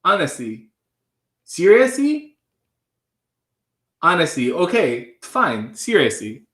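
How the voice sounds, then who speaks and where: A man voicing a fed-up, vaguely foreign gym bro with an Italian Canadian accent, complaining in a whiny, deadpan way. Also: a little high, takes it slowly, reverberant, exaggerated voice. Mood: exasperated. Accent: Italian Canadian (put on). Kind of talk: improvised comedy bit.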